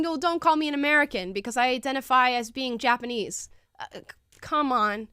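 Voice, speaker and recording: A woman's voice: sits high, brisk, pushed and bright, clear, resonant tone, no echo, clean studio sound. A woman hosting a show, reacting to a debate clip with emphatic, incredulous opinionated commentary.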